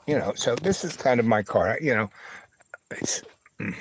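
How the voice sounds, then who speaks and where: A man of middle pitch tells a winding personal story on a livestream. He stops often, restarts his sentences and keeps checking in with asides. The sound is dry and close, with little room echo. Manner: halting, with many fillers, restarts and "you know, right?" asides. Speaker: livestream host.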